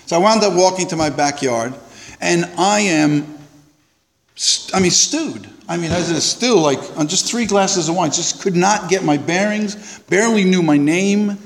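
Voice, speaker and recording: A man speaking to a live audience, telling a personal recovery story in an animated way and acting out the voices of the people in it. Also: on the high side, moderate pace. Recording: reverberant hall.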